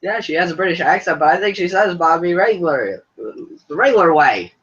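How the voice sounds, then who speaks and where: A young man with a fairly high voice and lively pitch, trading dry wisecracks. He sits away from the mic, and the sound is dull and lo-fi. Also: brisk, recorded from a distance. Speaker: podcast co-host. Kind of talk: casual banter about reality TV.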